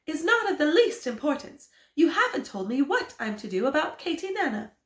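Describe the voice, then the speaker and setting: A woman reading aloud and voicing a fretful middle-aged mother in a put-on British accent, with anxious, high-strung complaining. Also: big pitch swings, normal speed. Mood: indignant. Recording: roomy echo.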